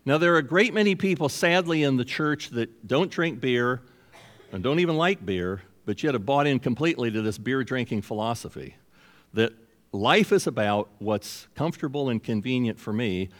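A man's voice: mid-range voice, animated, moderate pace, long reverb tail. A man in his sixties, a pastor, giving a conversational sermon that is broken up by acted-out dialogues. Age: 60s.

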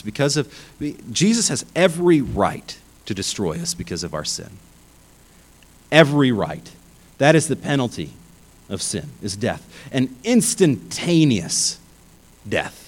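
A man's voice: fairly low pitch, rough recording. A male pastor delivers a sermon in an emphatic, conversational way. His voice rises and falls widely, and he often stumbles and restarts his phrases. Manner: animated, emphatic, many restarts.

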